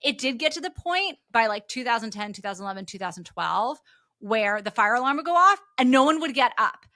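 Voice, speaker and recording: Bright-voiced woman, ex-trader, chatty and animated, acts out quotes, a bit high. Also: a little fast. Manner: animated, acts out quotes with big pitch jumps. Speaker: podcast co-host, former trader. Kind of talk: casual chat, recapping a TV episode.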